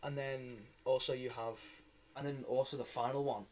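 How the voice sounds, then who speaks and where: Rambling man, mellow voice. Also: medium pitch, fairly even intonation, moderate pace, low-quality recording. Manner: rambling, swears a lot, many restarts. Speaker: podcast host. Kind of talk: casual chat.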